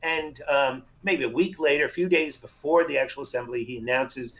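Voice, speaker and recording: A psychiatrist in his sixties, a podcast guest telling family stories in a casual, animated way and acting out the voices he quotes. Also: mid-range voice, normal speed, muffled recording. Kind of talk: casual storytelling interview.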